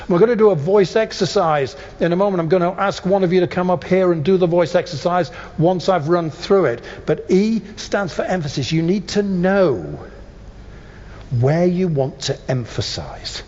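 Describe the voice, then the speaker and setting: Male voice coach, animated delivery with weighty pauses, dull recording in a reverberant training room. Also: high-pitched. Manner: emphatic, deliberate pauses. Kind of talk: workshop teaching.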